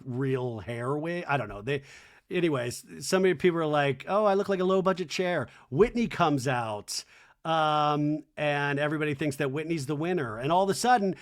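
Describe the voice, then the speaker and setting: Casting note: chatty male podcast host, slightly high voice, rambling recap with wry asides. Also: expressive, normal speed, a bit bright. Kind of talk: casual recap commentary.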